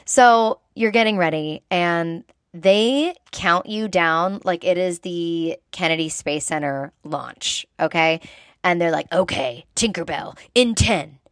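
A woman host telling a casual, animated story to her viewers, talking chattily and saying "like" often. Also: lowish voice, slow pace, smooth, dry recording, studio quality. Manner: chatty and animated, heavy use of "like". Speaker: host recounting past work as a theme-park performer.

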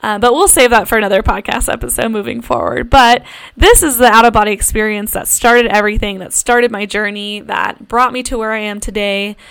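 A woman's voice: medium pitch, brisk, gravelly, clean tone. A young woman hosting a podcast, telling a personal story in a casual monologue, full of fillers and swearing. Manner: frequent fillers, swears freely, animated retelling. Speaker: podcast host.

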